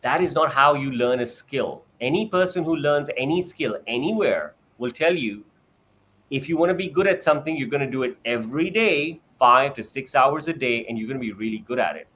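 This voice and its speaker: A little fast and full of lively intonation, a man on a video call shares his experience as a parent on coaching a child, animatedly acting out exchanges in a bright high voice. There's a slight hiss or hum.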